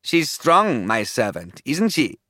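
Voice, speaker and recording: A man voicing a cruel, gloating giant male serpent in a storybook reading, with a slow taunting delivery. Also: mid-range voice, expressive, a bit bright, dry recording, clean studio sound, natural voice.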